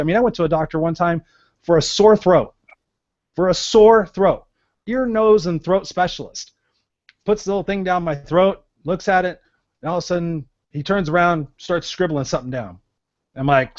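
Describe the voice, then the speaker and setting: Animated man telling stories, lo-fi. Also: a little high, normal speed, no echo. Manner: animated storyteller, acts out quotes. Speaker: co-host. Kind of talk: casual panel talk. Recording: dull lo-fi web-show audio.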